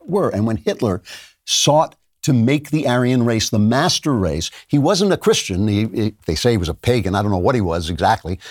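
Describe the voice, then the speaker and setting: A man's voice: mid-range voice, dry recording, studio quality. A middle-aged man hosting a podcast, delivering an emphatic opinion monologue in a lecturing way and laughing now and then. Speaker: podcast host.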